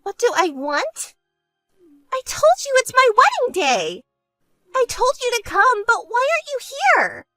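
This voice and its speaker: Woman doing a smug whiny young sister, cartoon story, very high voice, dry close sound. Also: big pitch swings, normal speed, a bit bright, no room sound, faint music behind. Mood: angry. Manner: smug and whiny, shrill when angry. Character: vain, bratty, self-centered young woman. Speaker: bride-to-be sister. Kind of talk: animated story voice acting.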